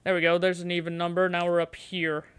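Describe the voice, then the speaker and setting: A woman's voice: lowish voice, level tone, fast talker, clear, resonant tone, dry recording, studio quality. A woman streamer playing a gamebook on a livestream, chatting playfully and coaxing the dice.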